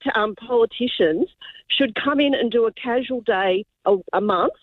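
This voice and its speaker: A woman's voice: fairly high pitch, moderate pace, no echo. An older woman with an Australian accent, a casual teacher calling in to a radio show, indignant and emphatic. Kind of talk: talkback call. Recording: tinny phone line.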